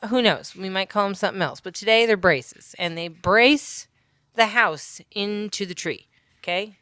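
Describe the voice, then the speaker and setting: A woman's voice: mid-range voice, fairly bright tone, clear, resonant tone, dry recording, clean studio sound. A woman narrating her craft build in a casual voice-over, chatty and self-mocking, with offhand asides that trail away.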